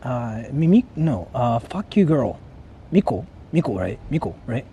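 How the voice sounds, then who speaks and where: A man's voice: mid-range voice, very animated, measured pace, dark tone, lo-fi sound, a little hiss or hum. A young man vlogging outdoors, talking casually with lots of swearing, laughing and repeating himself. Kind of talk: casual IRL vlog. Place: outdoors in a city.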